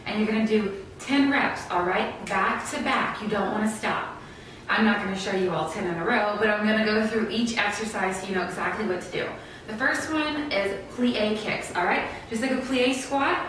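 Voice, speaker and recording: A woman's voice: medium pitch, far from the mic, slight background noise. Upbeat woman coaching a workout, echoey. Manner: upbeat instructional, says "y'all" and "all right?". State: a little out of breath. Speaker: fitness segment presenter. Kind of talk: demonstrating a workout on a TV show.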